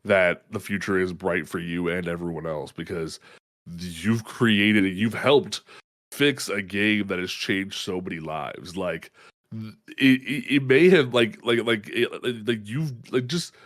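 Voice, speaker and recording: A man hosting a live interview, soft-spoken and sympathetic, stumbling over repeated words. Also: on the low side, a little slow, no room sound, studio quality. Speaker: podcast host. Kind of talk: casual interview.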